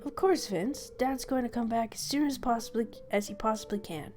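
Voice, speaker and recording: A woman's voice: a little high, a little fast, music in the background, close to an everyday voice. A woman voicing a young man who is a caring older brother, in a plain reassuring read.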